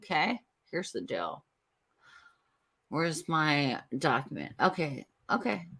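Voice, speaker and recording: A woman's voice: slow, slightly rough. A woman co-hosting a casual podcast on a video call, ranting heatedly and swearing constantly. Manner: lively, swinging pitch. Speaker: co-host.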